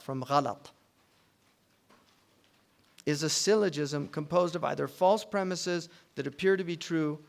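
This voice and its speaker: A man teaching a class on logic, explaining in a loose, conversational way with fillers and restarts, and reciting Arabic text quickly. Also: a little high, gravelly.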